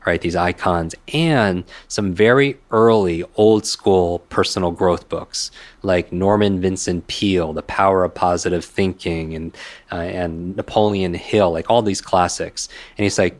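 A man in his forties, a guest memory coach, telling a personal story in a conversation, animated and quick to act out what others said. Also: low voice. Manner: animated, acts out quoted dialogue, frequent "right?".

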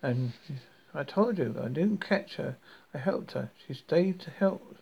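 A cold, stern old woman guarding a secret, as a male narrator puts her on. She speaks slowly and firmly with a gravelly edge, pitched a touch high. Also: expressive, highs cut off, heavily acted. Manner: cold, firm, measured. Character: cold, stern elderly woman protecting a siren.

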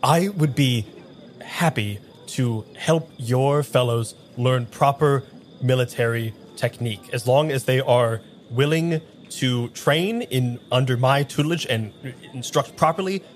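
A man voicing a proper, awkward Regency military gentleman, speaking in halting, formal phrases in a tabletop role-play. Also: medium pitch, natural voice.

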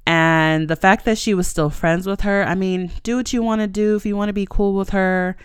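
A woman's voice: medium pitch, steady tone, moderate pace, clean tone, no echo, clean studio sound. A young adult woman hosting a podcast, telling a personal story frankly and emotionally, with casual swearing and lots of fillers. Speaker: podcast host.

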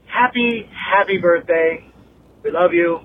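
Man caller, playful, gushing, high voice, tinny phone line with faint hiss. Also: unhurried. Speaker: caller, fellow podcaster. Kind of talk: phone message.

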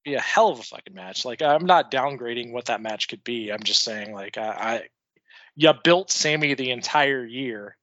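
A man's voice: mid-range voice, moderate pace, bright, forceful tone, dry recording, muffled recording. A young man co-hosting a casual podcast, opinionated and profane, often chuckling. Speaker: podcast co-host.

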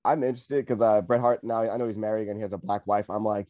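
A man's voice: on the low side, steady tone, fast, no echo, highs cut off. A man in casual chat, laid-back, laughing and chiming in with short agreements.

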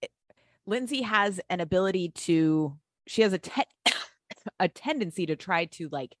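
A woman's voice: lowish voice, expressive, a little slow, no room sound, clean studio sound. A woman co-hosting a casual chat about reality TV, blunt and swearing freely. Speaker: podcast co-host.

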